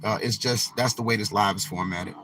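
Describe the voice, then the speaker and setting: A man's voice: on the low side, steady tone, noisy background. Man lecturing his live chat from a car. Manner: slow, emphatic, preachy lecturing with drawn-out words. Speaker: livestream host. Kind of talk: casual live-stream talk to chat.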